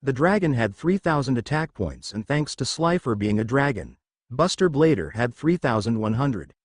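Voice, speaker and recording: Give me an expressive male fan fiction narrator. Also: medium pitch, normal speed, no room sound, clean studio sound.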